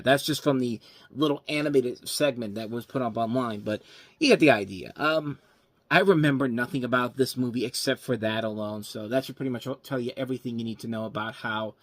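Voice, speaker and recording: A man's voice: mid-range voice, fairly bright tone, dry recording. A man hosting a casual movie review show, rambling and tripping over names as he goes.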